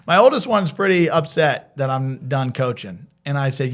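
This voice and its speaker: A man with an American accent, a college athletic director and former softball coach, telling stories in a casual interview and acting out the quoted lines. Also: medium pitch, normal speed, hardly any pauses. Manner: animated storyteller, acts out quoted dialogue.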